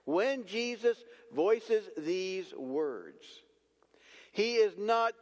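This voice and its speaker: Pastor, man, lively high voice, deliberate sermon delivery, long hall reverb. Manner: dramatic, slowing for emphasis. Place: church sanctuary.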